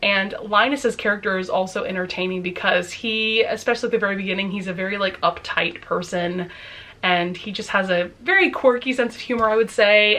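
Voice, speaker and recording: A young book vlogger chats at home about books she loves, gushing and laughing often in a casual reading vlog. Her voice is mid-range with a sharp tone.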